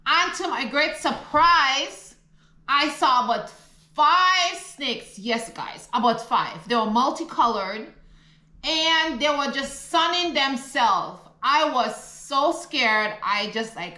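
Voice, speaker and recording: Speaking in Caribbean English, a middle-aged woman from the Caribbean chats animatedly and laughs frequently in a casual vlog filmed at her rural home. Her fairly high voice is a little slow and sharp in tone, captured in a rough recording with room echo.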